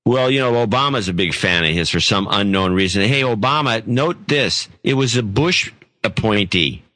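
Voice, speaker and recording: A man's voice: on the low side, expressive, moderate pace, sharp tone, no room sound. A man hosting a podcast in casual chat, blunt and opinionated. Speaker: podcast host.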